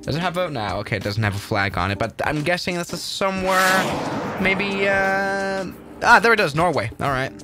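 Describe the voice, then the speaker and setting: A man chatting excitably through a flight simulator livestream, often restarting his sentences. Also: high voice, moderate pace, music in the background. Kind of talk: casual livestream commentary.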